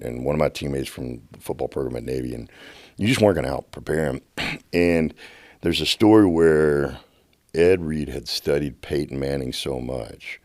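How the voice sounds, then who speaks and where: Very deep-voiced man. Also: gravelly, no room sound, clean studio sound. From United States. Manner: animated, repeats words and restarts sentences. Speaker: podcast guest. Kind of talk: passionate storytelling. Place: podcast studio.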